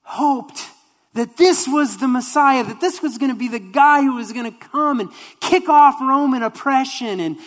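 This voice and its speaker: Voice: high-pitched, moderate pace, pitched above the performer's own voice, lightly acted. A preacher voicing a heartbroken male disciple, pleading and wistful, in a reverberant hall.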